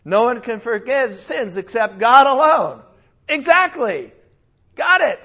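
Male Bible teacher, high voice, animated with sudden exclamations and self-corrections, dull lo-fi recording. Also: takes it slowly.

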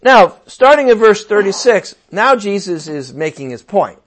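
A man preaching a sermon in a conversational, animated way, with playful asides and sudden outbursts. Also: high-pitched, moderate pace.

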